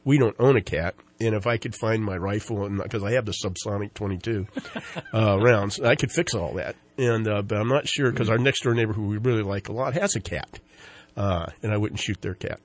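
Guy hosting talk radio, kinda low voice, rambly and jokey, lots of uhs. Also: brisk. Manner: rambling, jokey, many fillers and restarts. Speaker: radio show host. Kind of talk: casual talk radio chat.

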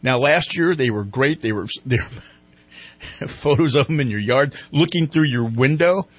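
A man's voice: mid-range voice, breathy edge, no echo. A man hosting a casual morning radio show, rambling and poking fun at himself. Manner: rambling, self-mocking, lots of fillers. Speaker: radio host.

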